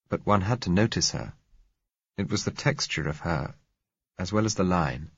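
A man narrating a novel in the first person, measured and reflective. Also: low voice, fairly bright tone, husky, no room sound, lo-fi sound.

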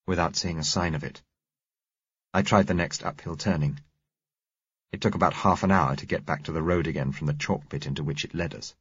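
Man, very deep voice, husky, measured audiobook narration, dry dull recording. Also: dry recording. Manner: measured, steady reading. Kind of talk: scripted first-person narration.

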